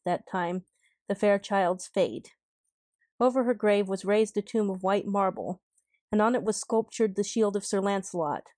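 A woman narrates an old legend with a gentle, measured delivery. Her tone is mellow and soft-edged, and the recording is dry and close. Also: mid-range voice, no echo. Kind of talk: storybook reading.

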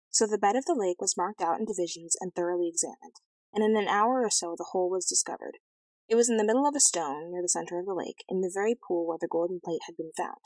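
A woman narrating a fairy tale as an audiobook reading, in a clear, even storytelling manner. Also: lowish voice, dry recording, poor audio.

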